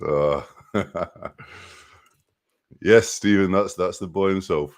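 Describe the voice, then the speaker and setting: A trucker chats casually on his live stream, reading viewer comments aloud, greeting people by name, and laughing a lot. His voice sits low, and he talks slowly with long pauses.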